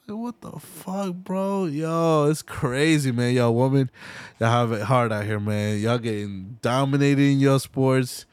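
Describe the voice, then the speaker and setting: Young male podcast host, profane and animated, mid-pitched voice, dry close mic. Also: unhurried, clear, resonant tone, dry recording. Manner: profane, animated, slangy, laughs often. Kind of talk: casual solo podcast rant.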